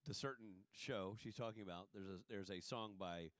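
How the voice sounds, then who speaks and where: A man from the American South, a panel guest and TV director, telling animated, joking stories in a casual convention Q&A. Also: fairly low pitch, normal speed, dry recording. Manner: animated storyteller, jokey, acts out voices. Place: convention hall stage.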